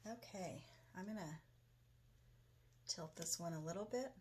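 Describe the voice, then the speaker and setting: A woman's voice: lowish voice, measured pace, slight background noise. A woman hosting a casual crafting tutorial, chatting enthusiastically while she works in her home studio. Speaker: craft video host.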